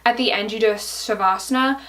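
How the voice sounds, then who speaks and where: A woman's voice: fairly high pitch, brisk, fairly bright tone, recorded from a distance. A young woman vlogger telling a personal story to camera in a chatty way, full of fillers and "like". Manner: chatty, fillers, many likes.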